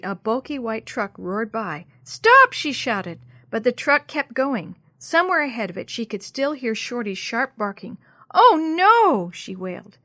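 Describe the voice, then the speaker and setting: Woman storyteller, reading to children, expressive, slightly high voice, dry close sound. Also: no echo. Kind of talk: read-aloud storytelling for children.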